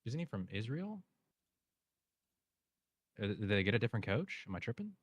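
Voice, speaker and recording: A man hosting a casual live stream, tossing out offhand jokes and quick banter with chat and his co-host. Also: lowish voice, very animated, husky, no echo.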